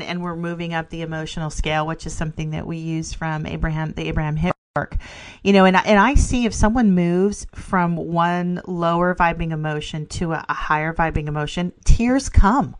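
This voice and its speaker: A woman's voice: lowish voice, fairly quick. A middle-aged woman co-hosting a casual spiritual podcast, enthusiastic, laughing often and filling with "you know". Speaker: podcast co-host.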